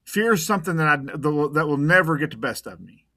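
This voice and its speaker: A man's voice: fairly high pitch, expressive, fast, pushed and bright, dry recording, clean studio sound. A man talking casually on a podcast as a private investigator guest, blunt and tough, often repeating words as he goes.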